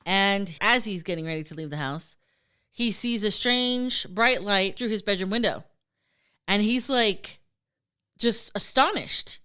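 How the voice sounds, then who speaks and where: A woman's voice: medium pitch, unhurried, clean tone. A woman co-hosting a podcast, telling a story in casual, profane chat and acting out the voices in it. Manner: animated, profane, acts out quoted voices. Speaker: podcast co-host.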